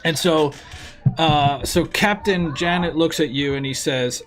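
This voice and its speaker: A man narrating a sci-fi tabletop role-playing game as game master, with a halting delivery. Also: fairly high pitch, fairly bright tone, faint music behind. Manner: halting, many fillers and restarts.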